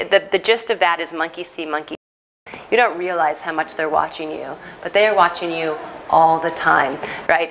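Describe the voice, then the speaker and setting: A woman psychologist giving an earnest, animated parenting talk to a church moms' group, often checking in with "right?". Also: on the low side, a little hiss or hum.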